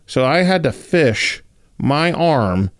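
A man co-hosting a casual chat, telling stories in a laid-back, drawn-out way. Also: a little high, sing-song, no echo, clean studio sound. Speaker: podcast co-host.

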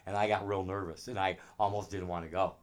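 A middle-aged man, a drummer, telling animated anecdotes in a casual interview. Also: low voice, fast. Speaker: drummer guest.

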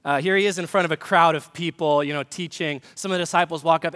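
A man's voice: a little high, fairly even intonation, quick pace, few pauses, a bit bright, big-room sound. A man, a pastor, giving a conversational sermon with humor and direct questions to the congregation. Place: church sanctuary.

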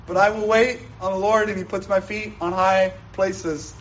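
A man's voice: high voice, fairly even intonation, moderate pace, fairly bright tone, highs cut off, a little hiss or hum, voice pushed up. A man voicing an anxious, pleading male prophet in a sermon retelling, worried and questioning. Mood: resigned.

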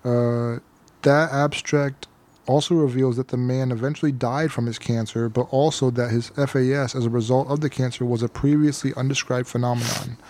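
A man co-hosting a relaxed podcast, reading from case notes and tripping over long medical terms. His pitch sits in the middle range for a man. He slips easily between reading and laughing along with his friends. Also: moderate pace. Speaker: podcast co-host. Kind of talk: casual chat.

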